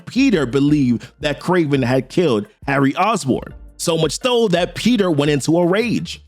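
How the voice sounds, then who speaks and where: Animated, chatty man recapping comics. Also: fairly high pitch. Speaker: comic book video host. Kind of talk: casual comic recap commentary.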